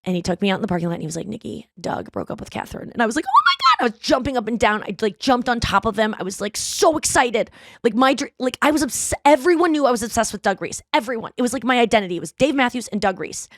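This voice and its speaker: Woman podcast host, 30s, chatty and profane, voice goes up high when she quotes people, dry close mic. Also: rapid-fire, no echo. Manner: animated, profane, acts out quoted lines. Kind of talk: casual storytelling chat.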